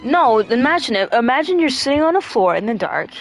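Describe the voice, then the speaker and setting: A woman's voice: a little high, sing-song, brisk, soft background music. A woman chatting casually on a stream, rambling with lots of fillers and swearing freely.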